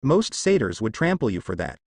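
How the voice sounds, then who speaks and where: A man's voice: mid-range voice, big pitch swings, fairly quick, gravelly, darkish tone, breathy edge, no echo, exaggerated voice. A man voicing a bored, condescending male god with a drawling way of talking.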